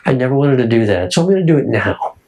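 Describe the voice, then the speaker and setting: A man's voice: medium pitch, sing-song, quick pace, darkish tone. A man in his sixties, a touring musician, chatting casually and eagerly chiming in with agreement. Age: 60s. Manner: eager, chimes in with agreement and laughs. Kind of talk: casual reminiscing conversation.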